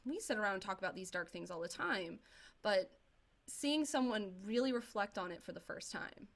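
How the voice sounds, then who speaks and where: A middle-aged woman on a film podcast panel, telling a story in an animated, amused way. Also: mid-range voice, normal speed, gravelly. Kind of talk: roundtable film discussion.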